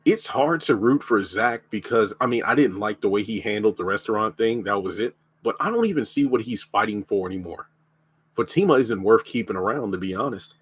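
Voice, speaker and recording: Blunt, opinionated man with a low voice. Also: expressive, fairly quick, breathy edge, dry recording. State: lingering cough. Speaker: show reviewer. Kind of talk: casual live-stream review.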